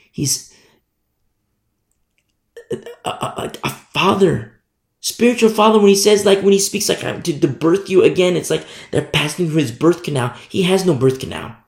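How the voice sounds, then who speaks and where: Man preaching a sermon, fervent and emphatic, gravelly, fairly high voice, roomy echo. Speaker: Bible teacher.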